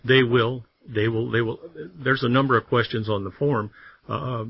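Through a studio microphone, a former grand jury member speaks as a radio interview guest in a medium-pitched, gravelly voice with a breathy edge and fairly even intonation. Earnest about civic volunteering, he halts and restarts repeatedly. The dry recording sounds slightly dull, like radio broadcast.

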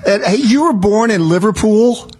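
Male radio host, husky with a lively, swinging pitch, enthusiastic. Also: moderate pace. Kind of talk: radio interview.

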